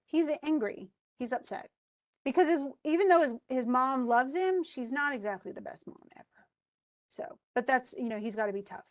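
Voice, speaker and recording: Woman teacher, kinda high voice, super casual, lots of um and you know, retelling an old epic to the class. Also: animated, moderate pace. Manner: chatty and informal, many fillers and restarts.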